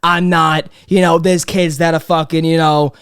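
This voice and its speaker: A man in his twenties hosting a casual comedy podcast, talking in an animated, sweary way and acting out his family. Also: fairly high pitch, normal speed, smooth. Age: 20s. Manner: animated, swearing, acts out his parents in loud exaggerated voices.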